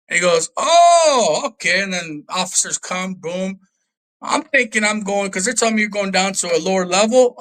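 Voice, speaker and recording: A young man from Albania telling his life story as a guest in a casual interview, animated and swearing, acting out the people he quotes. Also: high voice, poor audio.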